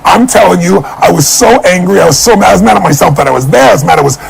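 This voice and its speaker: A man giving a motivational speech, telling a personal story and acting out the dialogue with animated energy. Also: sits high, quick pace, creaky, music in the background, low-quality recording. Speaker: motivational speaker.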